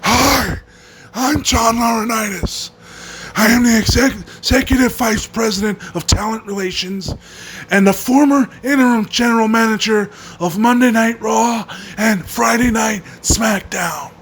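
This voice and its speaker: A man putting on an impression of a stiff, middle-aged male wrestling executive who introduces himself slowly and formally. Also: high voice, a bit bright, a little hiss or hum. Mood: stiffly formal.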